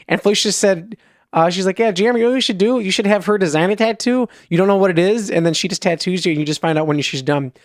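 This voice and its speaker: A man's voice: sits high, fast, no echo, clean studio sound. A man with a Wisconsin accent co-hosting a podcast, rambling through stories and quoting people back and forth. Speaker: podcast co-host. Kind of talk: casual chat.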